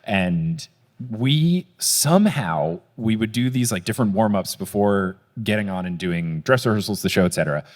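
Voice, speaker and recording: A man's voice: on the low side, expressive, moderate pace. A young man hosting a live podcast show on stage, telling stories in a chatty, joking way. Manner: chatty, storytelling. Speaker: podcast host. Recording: long hall reverb from a live venue.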